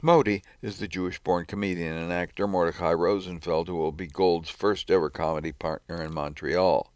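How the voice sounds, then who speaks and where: Man, very low voice, measured news reading, dry close recording. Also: steady tone, a little mellow, clear, resonant tone, no echo. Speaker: reader of news articles.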